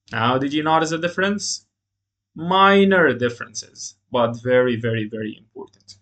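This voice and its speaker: A man's voice: mid-range voice, lively intonation, normal speed, a bit bright. A man teaching a beginners' language lesson, explaining grammar step by step and reading example phrases aloud. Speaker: Arabic teacher.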